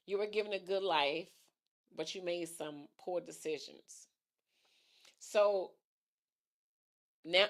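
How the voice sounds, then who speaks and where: A middle-aged woman hosts a casual livestream talk show, reading viewer comments aloud, thinking out loud and repeating her phrases. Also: lowish voice.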